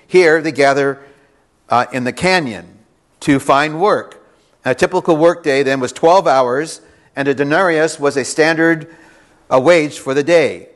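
Man, pastor, sermon, animated, conversational, somewhat high-pitched. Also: a little slow. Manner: animated, conversational, teases the congregation. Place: church before a congregation.

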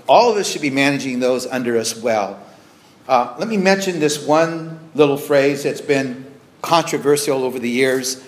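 Male pastor, mid-pitched, earnest sermon delivery with halting restarts.

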